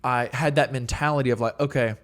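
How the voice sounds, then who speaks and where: A man's voice: mid-range voice, fast talker. A young man, a worship leader and songwriter, telling stories in a casual podcast interview with lots of fillers. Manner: rambling, filler-heavy, animated storytelling.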